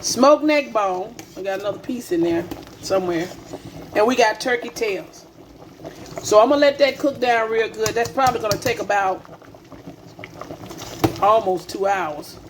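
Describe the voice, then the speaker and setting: A woman's voice: medium pitch, moderate pace, long pauses, slight background noise. A woman hosting a casual home cooking vlog, chatty and repetitive, calling her viewers baby and family. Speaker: cooking channel host. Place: home kitchen.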